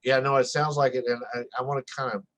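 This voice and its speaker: A man interviewing a candidate for a local news magazine, asking his questions haltingly with many restarts. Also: mid-range voice, little pitch movement, a bit bright, rough recording.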